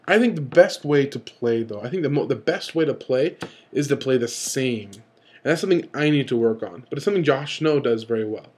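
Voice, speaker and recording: A man's voice: medium pitch, fairly quick. Rambling young man vlogging casually. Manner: rambling, animated, acts out quoted players. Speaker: vlog host. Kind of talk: casual talking-to-camera vlog.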